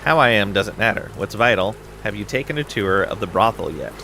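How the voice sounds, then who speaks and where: A man's voice: on the low side, lively intonation, fairly quick, noisy background. A man voicing a drunk, brash man who pushes his talk on others in slangy rambling. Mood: boisterous.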